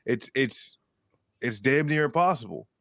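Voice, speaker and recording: A man's voice: medium pitch, expressive, measured pace, gravelly, a bit bright. A man in his thirties in casual podcast chat, rambling with lots of "like" and heavy swearing.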